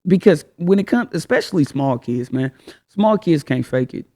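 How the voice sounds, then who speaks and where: A man's voice: fairly high pitch, animated, normal speed, dark tone. A man hosting a casual advice talk, speaking frankly in slang and firing off rhetorical questions. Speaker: host.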